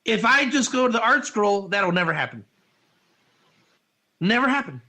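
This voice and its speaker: Male Torah teacher, high and bright, excitable, asks rhetorical questions. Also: fairly quick. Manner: excitable, rhetorical, voice jumps up when animated. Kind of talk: animated Torah class.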